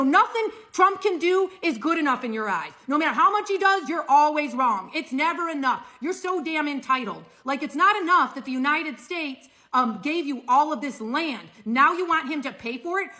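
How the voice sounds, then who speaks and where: High, bright woman mocking sarcastically. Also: lively intonation, normal speed, hardly any pauses. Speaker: social media commentator. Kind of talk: satirical monologue to camera.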